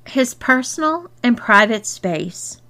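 A woman narrating an erotic story in a steady, expressive reading voice. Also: on the high side, slow pace. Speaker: story reader.

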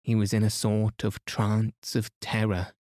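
A man reading a classic children's story aloud as a calm, soothing bedtime narration. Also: fairly low pitch, a little slow, dry recording, clean studio sound. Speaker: podcast host and reader.

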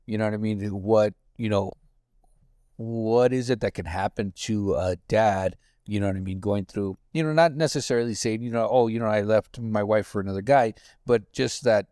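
Low-voiced rambling male co-host. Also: moderate pace, a little mellow, no echo, studio quality. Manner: rambling, many fillers like "you know what I mean". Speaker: podcast co-host. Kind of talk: casual chat.

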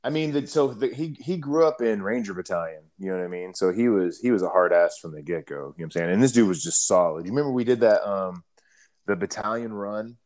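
A man's voice: lowish voice, lively intonation, fast talker, a little mellow. A middle-aged man and army veteran in casual chat, telling profane stories full of quoted dialogue. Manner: laid-back, profane storytelling with quoted dialogue.

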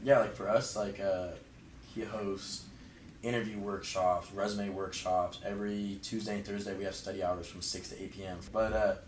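A man's voice: lowish voice, moderate pace, distant mic, slight background noise. Rambling young man in an echoey room. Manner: relaxed, rambling, heavy use of "like". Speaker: interview guest, fraternity member. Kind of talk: casual interview chat.

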